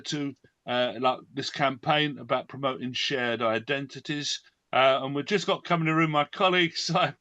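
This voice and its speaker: A man's voice: fairly high pitch, sharp tone, dry recording. A man hosting an online event presentation, talking with lots of fillers and restarts. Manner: hesitant, many fillers and restarts. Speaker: host.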